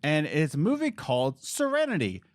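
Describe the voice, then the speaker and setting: A man co-hosting a casual gaming podcast, joking and telling stories with lively voice changes. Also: a little high, no room sound, clean studio sound. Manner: animated, jokey, quick voice changes. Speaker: podcast co-host. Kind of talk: casual chat.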